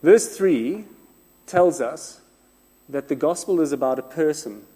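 A man preaching a sermon, with expressive rhetorical repetition and some self-deprecating humor. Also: fairly high pitch, measured pace. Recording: long reverb of a large room.

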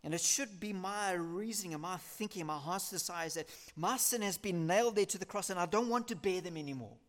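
A man preaching a sermon in a somewhat high voice. He speaks earnestly and with emphasis, stacking repeated phrases as his points build. He slows down to read scripture aloud. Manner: reads scripture aloud slowly.

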